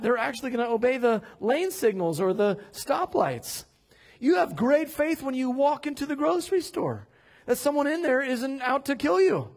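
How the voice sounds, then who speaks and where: A man preaching a sermon as pastor in a church, animated, acting out quoted voices and rising to loud declarations. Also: extremely high pitch. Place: church sanctuary.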